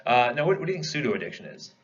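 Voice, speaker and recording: A man's voice: medium pitch, big pitch swings, very fast, dull audio. A man giving a classroom lecture in a conversational way, posing questions to the class and answering them himself. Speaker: pharmacology lecturer.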